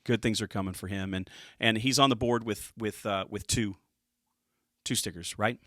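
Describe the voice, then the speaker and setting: A middle-aged man co-hosts a casual football stat show as coach, rambling and restarting his sentences with upbeat energy. His voice is bright and forceful. The sound is dry and close, with no room echo. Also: on the low side, steady tone, moderate pace. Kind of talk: casual sports chat.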